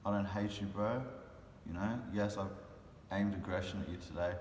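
Heated, impassioned bursts mark this casual vlog monologue by a weary, frustrated man who is a vlogger and animal rights speaker. He has a deep, darkish voice, fairly even intonation and a moderate pace, and the audio carries a roomy echo, long reverb and faint noise.

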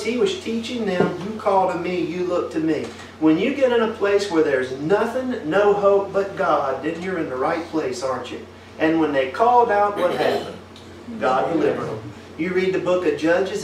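A man's voice: on the high side, slight background noise. A man preaching a folksy sermon, tossing questions back at his congregation. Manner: asks the congregation many tag questions. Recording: echoey room picked up from a distance.

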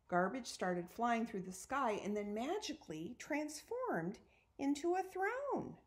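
A woman reading a children's story aloud, narrating in a clear, steady way. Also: on the high side, takes it slowly. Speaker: storybook reader.

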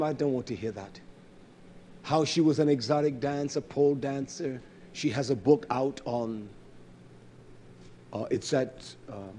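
High raspy-voiced guy preaching hard, blunt, scolding, goes soft then shouts, keeps repeating lines. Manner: swings from soft and low to loud shouting. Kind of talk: sermon. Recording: live-streamed service.

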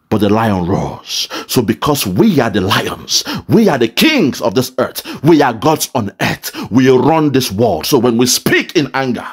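Guy ranting on a video, preachy and loud, voice swinging all over the place, keeps repeating himself. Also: mid-range voice, husky. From southeastern Nigeria. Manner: forceful, preaching, heavy repetition. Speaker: political commentator. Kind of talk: impassioned video commentary.

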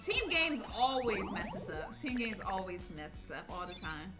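A young woman hosting a gaming livestream, chatting casually, thanking viewers and reacting loudly with some cursing. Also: medium pitch, sing-song, normal speed. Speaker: livestreaming gamer, host. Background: game music.

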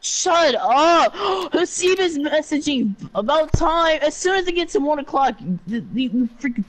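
A young man in gaming voice chat, whiny and defensive, often yelling at his friends. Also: very high-pitched, lively intonation, normal speed. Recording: noisy game capture.

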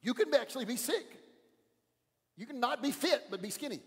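A male pastor preaching a sermon in a church, pressing his points hard and often dropping his voice low. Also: animated, a little fast, big-room sound. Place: church sanctuary.

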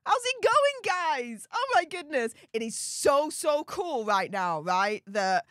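Yorkshire woman, livestream host, high voice, swooping lively pitch, bubbly and exclamatory, dry close sound. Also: slow, no echo. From England. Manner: bubbly and exclamatory, gushing thanks. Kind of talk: livestream chat reading super chats.

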